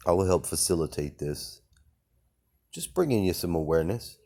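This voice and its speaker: A man's voice: low-pitched, big pitch swings, normal speed, vocal fry, dark tone. A man delivering a rambling, profane, defiant rant about strange experiences and his contempt for the mainstream. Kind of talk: ranting monologue.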